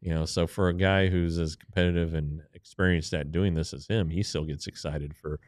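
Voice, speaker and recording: A man's voice: low voice, fairly even intonation, fairly quick, a little mellow, dry recording, studio quality. A man co-hosting a sports podcast, talking casually with fillers and restarts. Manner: conversational, rambling with fillers.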